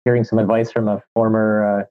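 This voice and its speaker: A male host with a fairly low voice asks questions in an interview, pausing and filling gaps with "uh" and "you know." His voice comes through a thin, phone-like line that cuts away the fullness. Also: little pitch movement. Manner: hesitant, searching for words with fillers. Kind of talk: conversational interviewing.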